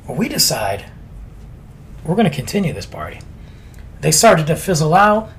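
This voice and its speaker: A man's voice: a little high, big pitch swings, normal speed, fairly bright tone. A man casually telling a story on a podcast, laid-back and chatty with lots of slang.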